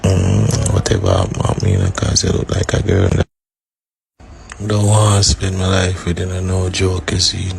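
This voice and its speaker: A Jamaican man talking boastfully in patois, low and murmuring in his delivery. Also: a little slow, gravelly. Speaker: rudeboy giving crude talk.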